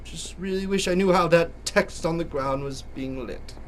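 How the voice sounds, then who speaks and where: A man's voice: on the high side, normal speed, a bit bright, a little hiss or hum. A young man with a sore throat giving jokey, theatrical let's play commentary as a gaming YouTuber.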